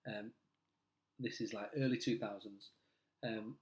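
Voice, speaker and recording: A man's voice: on the low side, steady tone, normal speed. A middle-aged comedian with a Manchester accent, chatting casually and rambling through self-deprecating anecdotes, laughing as he tells them. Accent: Mancunian. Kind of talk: casual chat. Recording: roomy echo.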